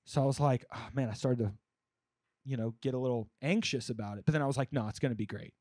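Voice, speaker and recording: A young man doing a stand-up comedy set in a comedy club, rambling conversationally with lots of fillers and bursting into louder punchlines. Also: medium pitch, quick pace, no echo, studio quality.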